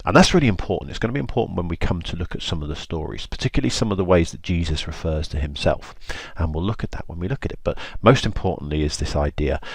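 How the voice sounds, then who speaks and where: A man's voice: deep voice, expressive, fast talker, creaky, a little mellow, breathy edge, no echo. A man teaching a lesson, retelling a Bible story in an informal, chatty way.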